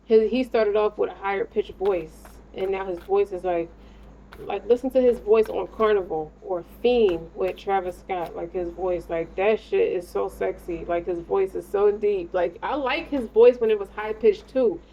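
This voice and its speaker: A woman's voice: mid-range voice, moderate pace. A woman giving a casual tarot reading, rambling, slangy and profane, talking straight to the listener. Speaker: tarot reader. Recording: dull lo-fi sound with faint noise.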